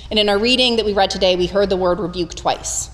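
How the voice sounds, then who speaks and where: Woman giving a casual funny sermon, middle pitch, big echoey church sound. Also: fast talker. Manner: conversational, humorous, animated storytelling. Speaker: preacher.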